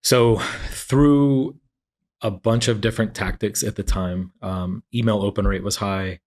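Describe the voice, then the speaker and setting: A man in his forties, an entrepreneur guest in a casual interview, tells his story in a lowish, darkish voice at an unhurried, steady pace. He slips into acting out what other people said to him.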